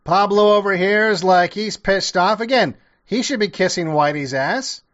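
The voice is a fairly high-pitched man, talking loosely and sarcastically with plenty of swearing. He goes back over his own sentences and restarts them often. The audio is dull and lo-fi. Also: normal speed, a bit bright. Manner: rambling, profane, sarcastic, with many restarts. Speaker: commentator reacting to an old TV show. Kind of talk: casual reaction commentary.

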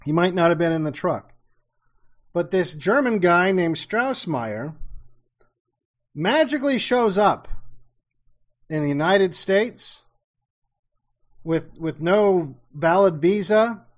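Slow, high-voiced sarcastic man. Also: lively intonation. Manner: sarcastic, swears casually. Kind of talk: casual storytelling chat. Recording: slightly dull lo-fi sound.

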